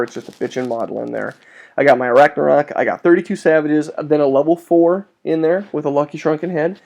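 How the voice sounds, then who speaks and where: A man narrating a tabletop wargame battle report in a casual, excitable way, with sudden jumps in pitch and casual swearing. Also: creaky.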